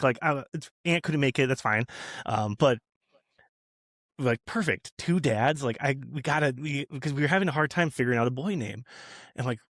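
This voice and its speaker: A man's voice: medium pitch, brisk, no room sound, studio quality. A man telling a long personal story in a casual podcast chat, rambling with many fillers and restarts and laughing often. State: new father. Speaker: podcast guest.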